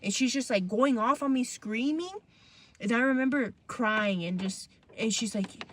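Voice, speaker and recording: A woman's voice: a little high, moderate pace, fairly bright tone, a little hiss or hum. A woman in her twenties, co-hosting a podcast and telling candid, profane stories from her youth in casual chat. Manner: candid storytelling, loose and profane. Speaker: podcast co-host.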